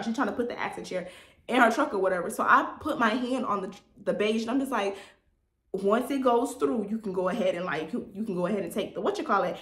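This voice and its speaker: Chatty young woman, echoey room. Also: medium pitch. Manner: animated, chatty, addresses viewers as y'all. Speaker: vlogger telling a story time. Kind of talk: casual storytime chat to viewers.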